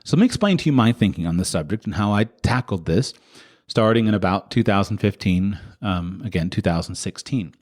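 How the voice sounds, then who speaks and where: A man's voice: expressive, brisk. A man hosting a podcast, talking in an impassioned monologue full of repeated rhetorical questions. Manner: rhetorical, repeated questions with sharp pitch jumps. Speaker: podcast host.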